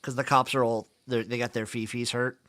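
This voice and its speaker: A man's voice: medium pitch, flat delivery, brisk, a bit bright, no echo, clean studio sound. A man co-hosting a casual sports livestream, teasing and joking while he follows the game. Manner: wry, teasing, laughs easily. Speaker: livestream co-host. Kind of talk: casual sports-watching banter.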